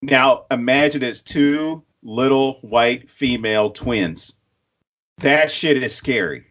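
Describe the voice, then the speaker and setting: A man co-hosting a podcast, telling stories in a profane, animated way and acting out quotes. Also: mid-range voice, takes it slowly. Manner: acts out quotes in other voices. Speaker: podcast co-host. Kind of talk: casual chat.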